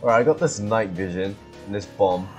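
A man's voice: lowish voice, fairly quick, soft background music. A man casually commenting while he plays a game, laughing often and breaking into panicky repeated cries when he is chased. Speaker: gaming video host. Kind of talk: casual let's-play commentary.

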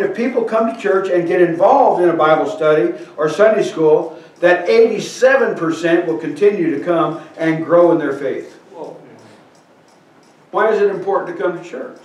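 A pastor with a high-pitched voice preaches a sermon at normal speed, reading scripture aloud and putting questions to the congregation. He's in a church sanctuary, captured from far off in an echoey hall.

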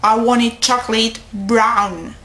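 A young woman vlogging casually to her friends, rambling and excitable, often stopping to correct herself. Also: on the high side, takes it slowly. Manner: rambling, excitable, with self-interruptions. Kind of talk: casual chat to camera. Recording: echoey room.

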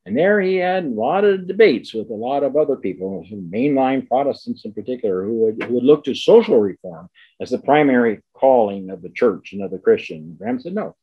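An older man giving an academic lecture, emphatic, repeating key words and slowing down to stress them. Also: medium pitch, very animated, breathy edge, muffled recording.

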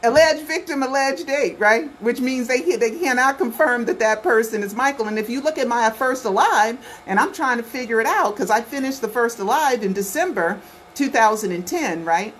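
Woman vlogging at home, kinda high voice, keeps going "okay? right?", faint hiss behind. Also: animated, moderate pace. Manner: insistent, repeats herself, lots of "okay" and "right". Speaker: conspiracy documentary vlogger. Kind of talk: casual talk to camera.

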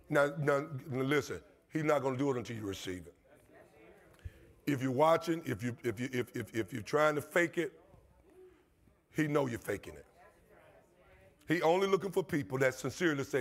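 A man's voice: on the high side, expressive, a little fast, fairly bright tone. A man pastor, preaching a passionate sermon in his church with call-and-response and repetition. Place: church sanctuary.

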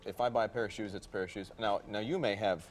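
Quick-talking male news anchor. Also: on the low side, fairly even intonation. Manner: brisk, moves things along. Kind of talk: morning show banter, reading viewer comments. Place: TV news studio.

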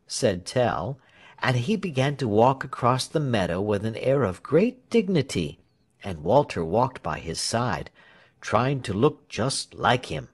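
A man reading a storybook aloud as narrator. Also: medium pitch. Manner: slow, lively storytelling with shifting character voices. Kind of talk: storybook reading with acted voices.

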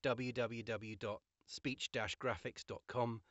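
A man's voice: mid-range voice, steady tone, slow, a bit bright, dry recording, muffled recording. A man reading a scripted promotional voice-over in a playful, theatrical manner. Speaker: ad narrator.

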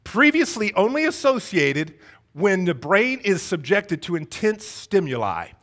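A man's voice: high-pitched, sing-song, a little slow, fairly bright tone. A man pastor preaching a sermon, asking the congregation one rhetorical question after another. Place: church sanctuary.

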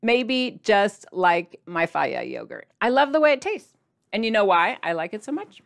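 A woman talking straight to her viewers in a casual vlog, chatty and playful, with sudden jumps in pitch for emphasis. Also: big pitch swings, normal speed, creaky. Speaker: diet vlogger addressing viewers.

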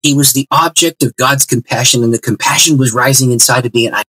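This guest pastor on an interview show has a medium-pitched, slightly rough voice and a quick pace. He tells a personal story with energy, acting out each line of dialogue, and the recording quality is rough.

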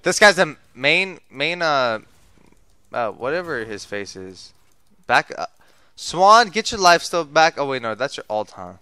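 A young man giving profane play-by-play while gaming, muttering low and then yelling and trash-talking his teammates. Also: very animated, a little slow, smooth, dry recording. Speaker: gamer streaming his play. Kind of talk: profane gameplay commentary.

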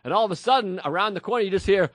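A man's voice: high voice, racing, no room sound. A man in his thirties, a podcast co-host, telling a story in casual chat and acting out voices, on a close mic. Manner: animated storyteller, acts out loud voices in quotes.

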